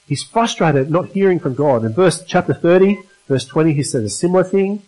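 A man's voice: on the high side, animated, brisk, few pauses, a little mellow, low-quality recording. A man preaching a sermon at a church service, emphatic and putting rhetorical questions to the congregation.

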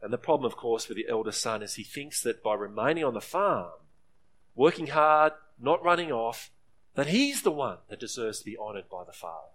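A man's voice: animated, brisk, fairly bright tone. A man preaching a sermon, earnest, briefly acting out the voices in the story. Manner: earnest preaching, acts out quoted voices with rising pitch. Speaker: pastor.

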